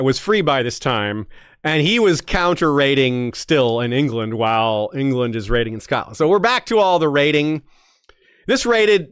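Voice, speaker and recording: A man's voice: medium pitch, no room sound, clean studio sound. A man hosting a history podcast, telling the story in a casual, joking way with frequent restarts. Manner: joking, animated, restarts often.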